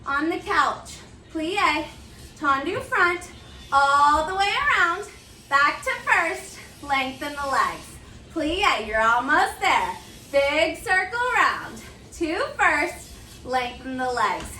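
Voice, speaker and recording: A young female barre instructor with a very high voice calls out moves and counts in an unhurried, upbeat way, slightly winded from the workout. Her bright tone rings around a roomy studio, picked up from away from the mic. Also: lively intonation, recorded from a distance, slight background noise. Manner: upbeat cueing, counting down, chatty asides. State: slightly out of breath. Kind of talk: counting through a live workout class.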